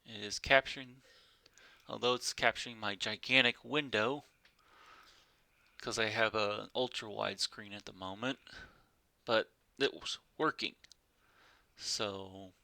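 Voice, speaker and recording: A man talking half to himself while he sets up recording software on a voice call, muttering commands and complaints. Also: lowish voice, fairly even intonation, slow, vocal fry, long pauses, dry recording. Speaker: player recording the session. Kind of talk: casual tech setup chatter.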